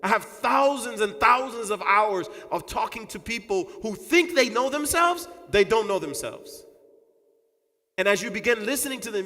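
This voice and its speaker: A male Islamic teacher giving a conversational, animated mosque lecture, repeating points with asides to the audience. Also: high-pitched. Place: large mosque hall. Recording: long mosque-hall reverb.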